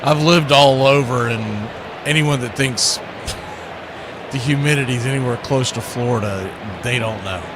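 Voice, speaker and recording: A man's voice: medium pitch, a little slow. Chatty man calling baseball, noisy line. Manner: chatty asides between calls, rises for big plays. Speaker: radio play-by-play host. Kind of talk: baseball play-by-play commentary. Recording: noisy background.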